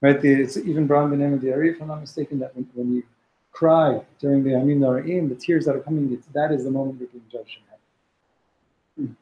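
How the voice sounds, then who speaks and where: A man's voice: mid-range voice, steady tone, a little fast, muffled recording. Man teaching a text class, echoey. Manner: reads Hebrew text then explains it, with frequent restarts. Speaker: Torah teacher.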